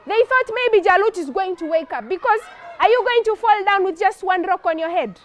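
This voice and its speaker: Animated high-voiced woman telling kids' tales. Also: a little fast. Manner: animated, expressive, playful. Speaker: children's storyteller. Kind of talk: telling a story to children.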